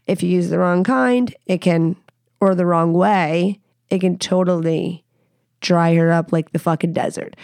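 A woman's voice: fairly low pitch, gravelly, a little mellow, smooth, no room sound, clean studio sound. A woman hosting a podcast, giving frank, profane and playful sex advice in a casual way. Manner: blunt, profane, playful, laughs at her own jokes. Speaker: podcast host.

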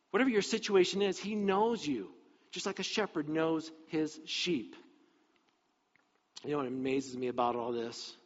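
Male pastor, mid-high voice, lively preaching, dull lo-fi sound with long reverb. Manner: animated, acts out scripture dialogue. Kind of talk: sermon.

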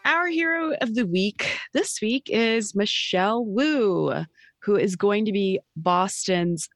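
A woman co-hosting a casual political chat show, wry and unhurried, often trailing off with fillers. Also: medium pitch, lively intonation, faint music behind. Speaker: podcast co-host.

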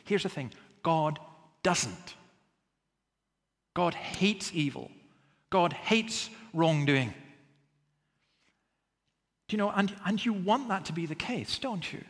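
A man preaching with earnest emphasis, pressing his listeners with rhetorical questions. His voice sits a little higher than most men's. The sound rings with the long reverb of a hall. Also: expressive, slow pace, pauses often. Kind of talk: sermon.

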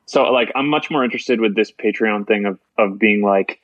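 Low-voiced man in rambling casual chat. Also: moderate pace, a bit bright, no room sound, muffled recording. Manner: rambling, swears freely, repeats "like". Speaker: musician guest.

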